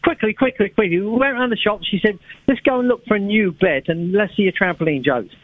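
A man phones in to a radio show to tell jokes. His voice is fairly high and comes through a tinny, dry phone line. He strings his gags out into long stories and keeps chuckling at them himself. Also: a little fast, dry recording. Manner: tells rambling gag stories, chuckles at his own jokes. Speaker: caller telling jokes. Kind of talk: jokey phone-in banter.

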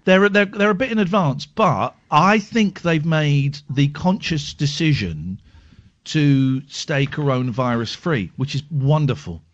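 Joking male radio host, higher voice, swinging wildly in pitch, lo-fi broadcast sound. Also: animated, a little slow. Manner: playful, self-mocking, swings between drawls and bursts. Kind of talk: casual radio banter.

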